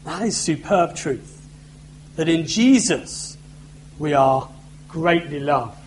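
A preacher delivers a sermon in a relaxed, conversational manner with bits of self-deprecating humor. His voice sits a little high for a man. A faint hum runs under the recording. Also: slow pace, rough recording.

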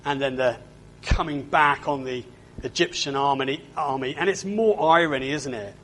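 A man's voice: mid-range voice, normal speed, fairly bright tone, slight background noise. A man preaching a sermon, often asking his listeners to agree and repeating his words.

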